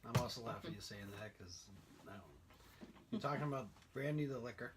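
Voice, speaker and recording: A man's voice: mid-range voice, quick pace, heavy background noise. A man co-hosting a podcast, chiming in during a casual chat with short, dry remarks. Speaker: podcast co-host.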